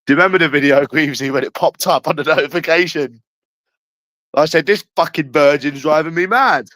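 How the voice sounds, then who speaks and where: A man's voice: fairly high pitch, fairly quick, fairly bright tone, dry recording. A young man with a London accent, ranting in a taunting live stream and jeering at someone over and over. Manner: mocking, repetitive jeering.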